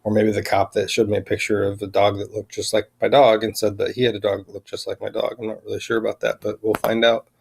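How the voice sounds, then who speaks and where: A man vlogging a rambling personal account, halting and full of fillers and restarts. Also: fairly low pitch, monotone, vocal fry, breathy edge.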